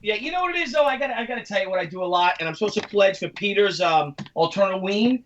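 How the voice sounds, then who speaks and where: High-voiced, rambling male podcast co-host. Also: lively intonation, fast, fairly bright tone, slight background noise. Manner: rambling storyteller, acts out quoted voices. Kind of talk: casual chat. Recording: muffled lo-fi mic from a distance.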